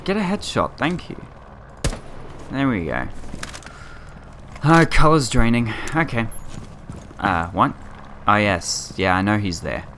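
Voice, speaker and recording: Man, gamer, casual let's play chatter, lowish voice, clear gunfire from the game. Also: sing-song, takes it slowly, pauses often, a bit bright, a little hiss or hum. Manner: chatty, muttering reactions and exclamations.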